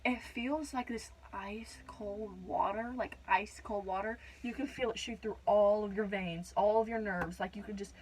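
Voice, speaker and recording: A woman's voice: mid-range voice, fairly even intonation, moderate pace, few pauses, a little hiss or hum, poor audio. A young woman casually telling her birth story in a vlog, rambling with lots of fillers. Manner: rambling, many "like" and "whatnot" fillers.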